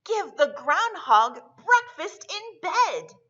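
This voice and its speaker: A woman voicing an excited, helpful little girl in a children's story. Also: very high voice, slow pace, muffled recording, pitched above the performer's own voice, full character voice.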